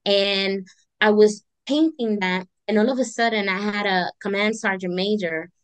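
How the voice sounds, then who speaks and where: A woman's voice: medium pitch, normal speed, clear, resonant tone, dry recording. A middle-aged woman, an artist and army veteran, telling her story as an interview guest and acting out the voices in it. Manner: animated, acts out voices in her stories. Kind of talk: conversational storytelling.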